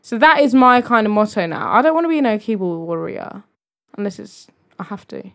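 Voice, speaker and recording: A woman's voice: mid-range voice, big pitch swings, brisk, gravelly, a bit bright. A woman co-hosting a podcast, chatting casually in a playful, joking tone full of slang. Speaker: podcast co-host. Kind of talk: casual chat.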